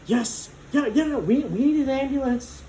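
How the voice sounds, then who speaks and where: A man voicing a flustered woman art teacher who takes charge, high and urgent as she fusses over him. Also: lively intonation, moderate pace, dark tone, reverberant, a little hiss or hum, poor audio.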